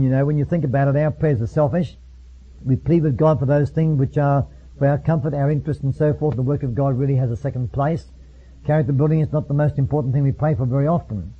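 A man preaching a sermon, reading passages aloud slowly and solemnly, then explaining in his own words with some restarts. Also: a little high, slightly rough. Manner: reads slowly and solemnly, then speaks freely with repeats. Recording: phone-like lo-fi line.

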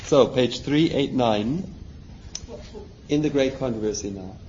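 A man's voice: medium pitch, a little slow, darkish tone. A man teaching a Bible study, reading passages aloud and explaining them with questions to his listeners. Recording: dull lo-fi recording, faint noise.

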